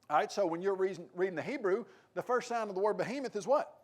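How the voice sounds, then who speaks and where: A Tennessee-accented man preaches a sermon in a fairly high voice. He talks with animated emphasis and often raises his voice for quoted lines. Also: quick pace, hardly any pauses.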